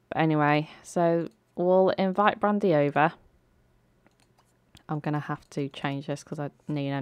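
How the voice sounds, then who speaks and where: Let's-play host, chatty and giggly, low smooth voice, close dry mic. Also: female voice, darkish tone, no echo. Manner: chatty, laughing, lots of ums. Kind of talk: game commentary with voiced characters.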